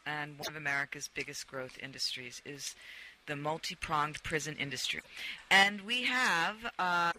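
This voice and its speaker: A man's voice: fairly high pitch, normal speed, sharp tone, low-quality recording. A man hosting a call-in radio talk show, steering the conversation emphatically.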